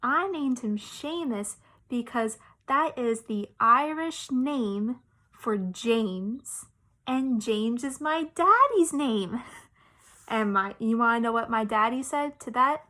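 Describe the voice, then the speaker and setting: A woman teacher telling a personal story to young children, expressive and explaining things simply. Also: a little high, takes it slowly.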